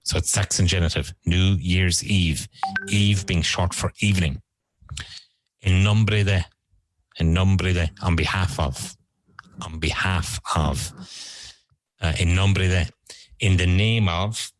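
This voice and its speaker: A man's voice: low-pitched, fairly even intonation, rough recording. A man teaching English vocabulary, repeating each word and explaining how it is used. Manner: repeats words slowly and explains them. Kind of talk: vocabulary lesson.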